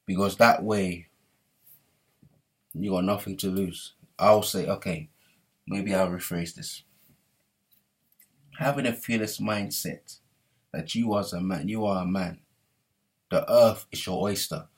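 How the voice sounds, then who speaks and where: Young man, husky and low, preaching motivation to camera with insistent repetition. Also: steady tone, unhurried, long pauses. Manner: emphatic, repetitive, asks "yeah?". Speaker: motivational speaker.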